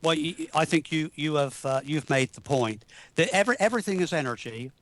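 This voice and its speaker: A man speaking as a guest on a live online talk show, earnest and halting, often restarting his sentences. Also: fairly high pitch, a bit bright. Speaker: guest researcher. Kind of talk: casual talk show chat.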